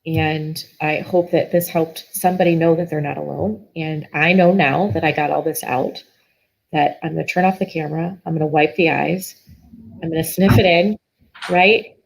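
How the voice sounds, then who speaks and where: A woman's voice: sits low, steady tone, moderate pace, vocal fry, poor audio. A middle-aged woman guest telling a personal story in an earnest, emotional way, often restarting her sentences.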